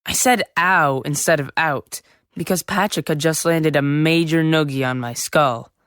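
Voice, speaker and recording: A woman playing a seventh-grade boy who narrates his own story in a full-cast audiobook, lively and chatty with sudden yells. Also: low-pitched, measured pace, clear, resonant tone, no room sound. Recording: dry close studio sound.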